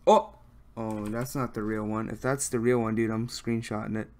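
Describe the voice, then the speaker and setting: A young man live-streaming a game, talking casually and excitedly, swearing a lot as he fanboys over another player. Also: fairly low pitch, moderate pace. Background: keyboard typing and mouse clicks.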